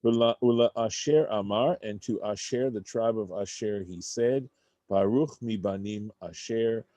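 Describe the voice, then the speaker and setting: Man, low-pitched teacher reading and explaining Hebrew text, halting delivery, dry close-mic sound. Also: mellow, dry recording. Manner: halting, thinking aloud, many restarts; reads Hebrew text, then translates into English. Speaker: Torah study teacher. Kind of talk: unscripted Torah study class.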